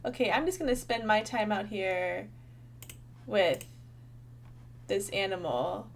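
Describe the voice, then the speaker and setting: A woman's voice: medium pitch, lively intonation, slow pace, creaky, a little hiss or hum. A young woman giving casual, bubbly gameplay commentary, thinking aloud and chatting to her viewers. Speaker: gaming channel host.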